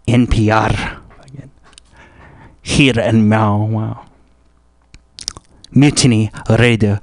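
A man's voice: fairly low pitch, steady tone, takes it slowly, pauses often, no echo. A male radio show host giving an erratic, profane late-night monologue in a studio, jumping between mocking impressions.

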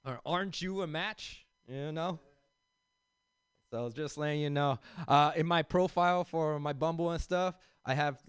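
With a slightly high, smooth, clear voice that's a bit bright, this South Central Los Angeles stand-up comedian rambles loosely, full of fillers, restarts, and asides to the crowd he calls "y'all." The sound is close and dry, free of room echo.

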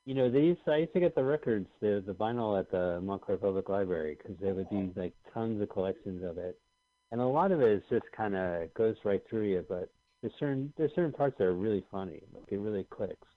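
Low voiced guy cohosting radio, jokey, dry flat sound. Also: no echo, narrow, tinny audio. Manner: jokey, laughs easily, quick puns. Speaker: radio co-host. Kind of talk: casual radio chat.

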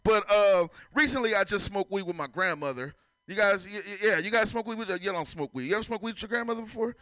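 Male stand-up comic from San Francisco, bright and dry, chatty crowd-teasing delivery. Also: high-pitched, quick pace, smooth, dry recording, low-quality recording. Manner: loose, profane, chatty, teases the audience. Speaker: stand-up comedian. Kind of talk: stand-up comedy set with crowd work. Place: comedy club.

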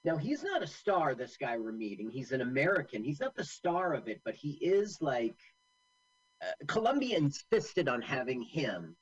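Husky guy rambling about an old movie, voice bouncing all over, kinda muffled lo-fi audio. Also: medium pitch, very animated, normal speed. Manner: chatty, shares film trivia. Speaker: co-host. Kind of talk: casual movie commentary.

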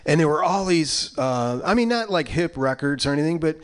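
A man in his sixties hosting a community radio show, chatting casually between records in a rambling, halting way. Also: on the high side, expressive, clean tone.

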